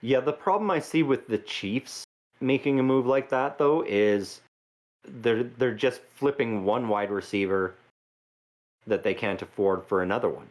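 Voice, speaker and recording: A man co-hosting a casual sports podcast, calm and explanatory, with fillers. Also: mid-range voice, unhurried. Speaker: podcast co-host.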